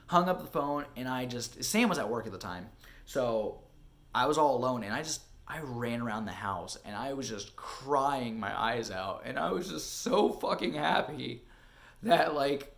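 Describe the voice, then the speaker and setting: A young man vlogging at home about his acting life. His voice sits in a middle register and is casual and chatty, full of "like" and restarts. He swings from quiet, anxious low stretches to loud, high bursts of excitement. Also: a little slow. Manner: animated, swinging from excited to hushed and back, many fillers. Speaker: vlogger and actor. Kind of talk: casual storytelling vlog. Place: home, indoors.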